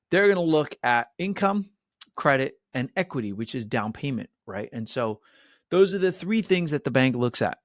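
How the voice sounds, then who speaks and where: A man's voice: on the high side, no echo, studio quality. A middle-aged man hosting a mortgage webinar, chatty and upbeat, with many fillers and "right?" asides. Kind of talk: webinar presentation.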